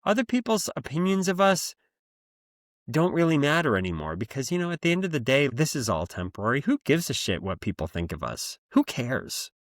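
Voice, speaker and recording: A man's voice: mid-range voice, sing-song, fairly quick, no echo. Guy hosting his podcast, rambling and swearing a lot, voice jumps all over, dry close sound. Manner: rambling, blunt, profane. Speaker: podcast host. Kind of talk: casual monologue.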